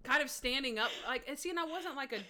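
A young adult woman telling a story in casual chat, animated and full of fillers, acting out what people said. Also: high voice, fast. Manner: animated, lots of fillers and acted-out quotes.

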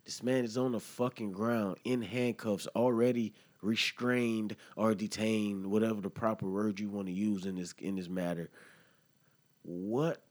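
A man holds forth on his solo podcast. He is heated and profane, full of slang, and talks straight to his listeners. His voice sits a little low. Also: steady tone, unhurried, darkish tone. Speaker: podcast host. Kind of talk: impassioned solo podcast commentary.

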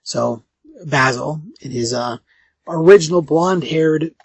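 A man's voice: on the high side, measured pace, vocal fry, slightly rough, no room sound. A man co-hosting a podcast, recapping a comic in a rambling, casual way with lots of fillers. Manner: rambling, filler-heavy storytelling. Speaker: podcast co-host.

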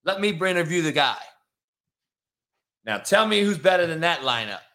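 A man hosting a sports podcast, ranting in a profane, animated, casual way. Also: on the high side, moderate pace, gravelly. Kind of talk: casual chat.

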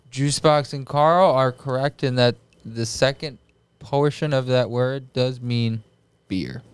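A man's voice: mid-range voice, takes it slowly, clear, resonant tone, no room sound. A man hosting a casual podcast, rambling through a word game and laughing often. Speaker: podcast host.

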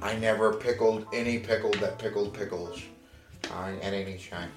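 A man's voice: fairly low pitch, fairly even intonation, normal speed, echoey room, distant mic, loud music behind the voice. Stammering improv comedian man, off-mic.

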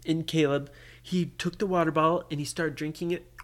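Animated storyteller quizzing a child. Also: mid-range voice, a little fast. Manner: animated, keeps quizzing the listener. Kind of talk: improvised bedtime story for a child.

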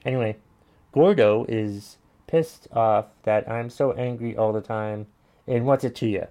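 Warm and medium-pitched, this man speaks at a measured pace. He hosts a casual commentary show, reading listener messages aloud and reacting with blunt, sweary rants.

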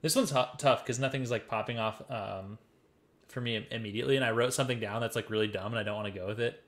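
A young man from the American Midwest co-hosting a podcast, telling stories in casual, profane, animated chat. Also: medium pitch, quick pace. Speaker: podcast co-host.

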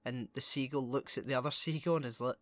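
A man chatting casually about a film, playful and jokey, asking questions in quick bursts. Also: medium pitch, steady tone, fairly bright tone, no room sound.

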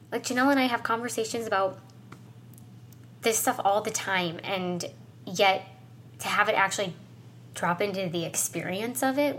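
A woman's voice: mid-range voice, a bit bright, a little hiss or hum. A woman co-hosting a podcast, talking in a casual, reflective way and getting choked up and tearful as she opens up. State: choked up, crying. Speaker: podcast co-host. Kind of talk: casual heartfelt conversation.

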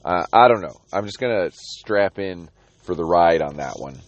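A man's voice: deep voice, animated, normal speed, no room sound. A man talking casually about a comic book, rambling with restarts and reading passages aloud.

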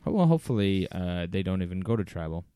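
A man's voice: sits low, sing-song, fast talker, mellow, clean tone, dry recording, studio quality. A man co-hosting a podcast, rambling casually and laughing often. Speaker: podcast co-host. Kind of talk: casual chat.

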